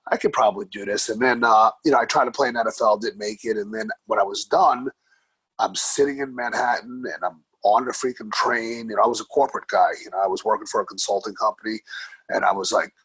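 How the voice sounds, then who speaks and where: Husky-voiced man telling stories. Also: lowish voice, fast, dry recording, poor audio. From New York. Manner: animated, laughs often, swears casually. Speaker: podcast guest, grappling coach. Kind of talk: casual storytelling interview.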